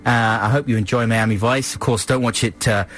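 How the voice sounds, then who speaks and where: A man co-hosting a radio show, making dry deadpan jokes. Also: mid-range voice, brisk. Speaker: radio co-host. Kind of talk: casual radio chat. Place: radio studio.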